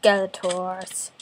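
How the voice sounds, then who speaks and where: A woman's voice: mid-range voice, noisy background. A young woman with a slight cough from a cold, chatting in a self-deprecating, jumpy way over her gameplay in her bedroom. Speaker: gaming video host. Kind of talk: casual gameplay commentary. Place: bedroom at home.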